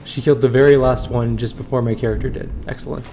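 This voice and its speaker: A man's voice: mid-range voice, steady tone, fast, creaky, mellow, slight background noise. A man hosting a let's play, giving casual game commentary with wry asides and reading the dialogue aloud.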